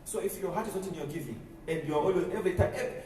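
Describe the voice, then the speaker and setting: A man's voice: sits high, racing, warm tone. A pastor preaching a sermon, emphatic and call-and-response, repeating key phrases for his congregation. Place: large church hall. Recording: echoey hall from far off, faint room noise.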